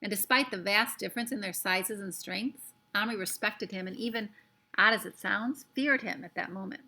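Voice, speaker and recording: A woman reading a children's book aloud with expressive, lively narration. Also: mid-range voice, normal speed. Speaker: storyteller.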